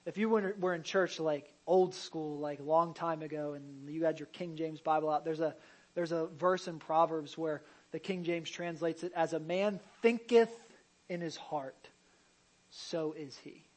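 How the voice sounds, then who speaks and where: A man, a pastor, preaching a sermon in a conversational way, with restarts, sudden loud emphasis and jokey asides. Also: on the high side, fairly even intonation, normal speed, rough recording.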